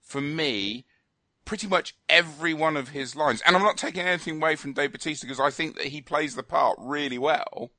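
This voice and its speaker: A man's voice: fairly high pitch, a little fast, sharp tone, no room sound, studio quality. A man co-hosting a film review radio chat, opinionated and rambling, with many fillers and restarts.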